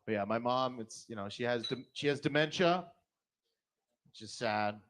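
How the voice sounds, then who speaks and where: A middle-aged man doing a blunt, profane stand-up set, jumping into sudden high put-on voices. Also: moderate pace, fairly bright tone. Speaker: stand-up comedian.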